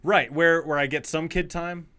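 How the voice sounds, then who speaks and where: Man in his forties, bright forward tone, animated storyteller who curses casually on a chat podcast. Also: fairly high pitch, normal speed, smooth. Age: 40s. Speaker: podcast co-host.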